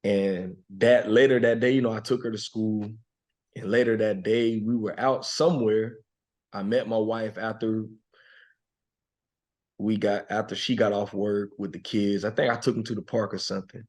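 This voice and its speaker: A man in his thirties, a podcast guest, telling a personal story in a reflective, emotional, soft-spoken way, laughing now and then. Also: on the low side, steady tone, moderate pace. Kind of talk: heartfelt conversational storytelling.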